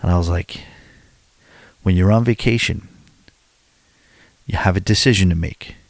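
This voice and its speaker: Here is a man in his forties with a low voice at a normal speed, recorded without echo. He's chatting casually, wandering through self-deprecating anecdotes and frequently starting over.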